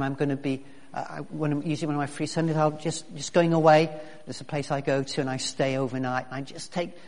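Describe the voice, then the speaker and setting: A man preaching a sermon as pastor, chatty and full of restarts. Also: a little high. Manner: conversational, with many restarts and fillers. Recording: long reverb of a large hall.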